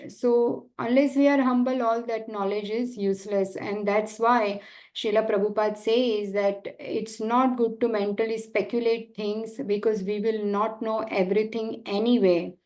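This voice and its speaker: A woman retelling a sacred story in a devotional class, with many pauses and fillers. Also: a little high, darkish tone, rough recording. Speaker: devotional speaker.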